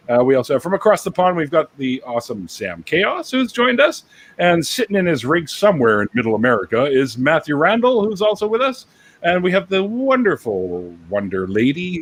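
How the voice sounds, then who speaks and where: Male stream host, animated pitch swings, chatty, laughing, home call mic. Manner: laughs often, animated, repeats words. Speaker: livestream host. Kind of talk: casual group chat.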